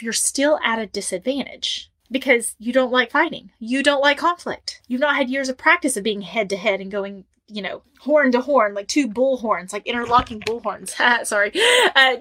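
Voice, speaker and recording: A woman relationship coach giving direct advice to camera, emphatic and animated, driving her points home by repeating them. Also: high-pitched.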